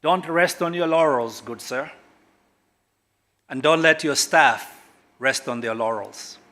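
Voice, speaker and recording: At a corporate launch, a middle-aged man from government delivers a keynote speech as a forceful orator. He uses dramatic pauses and large shifts in pitch and volume.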